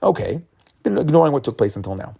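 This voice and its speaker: A man with a gravelly, dark and mellow voice gives an informal Torah talk. He speaks in a loose, conversational way, often repeating words as he restarts a thought. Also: mid-range voice, sing-song, fairly quick. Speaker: Torah teacher. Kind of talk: casual weekly Torah talk.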